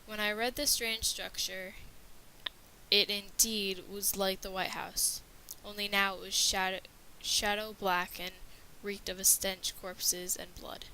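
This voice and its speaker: A woman's voice: medium pitch, little pitch movement, unhurried, bright, forceful tone, slight background noise, low-quality recording. A woman narrating a scripted horror story with a dramatic reading manner.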